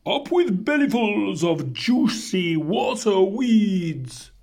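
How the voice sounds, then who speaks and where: Storybook dino herd, high hooting chant, played by a man, airy breathy tone. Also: big pitch swings, slow, a little mellow, heavily acted. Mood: cheery chant. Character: herd of cheerful duck-billed dinosaurs.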